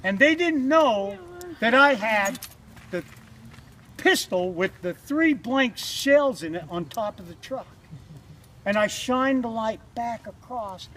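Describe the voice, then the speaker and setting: A man telling a campfire story, drawling and slow, acting out the voices of the people in his tale. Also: very high voice, sharp tone. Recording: distant mic, faint noise.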